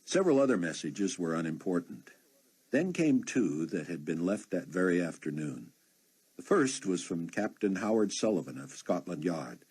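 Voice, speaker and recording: A man narrating an unabridged audiobook in a steady storytelling manner. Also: low-pitched, normal speed, breathy edge. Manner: steady storytelling with many voiced characters.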